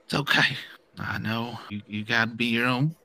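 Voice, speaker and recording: Man as a twangy, wounded superhero father; bright, halting voice. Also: mid-range voice, vocal fry. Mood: hurt. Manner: pleading, halting, repeats himself. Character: emotional middle-aged male superhero father.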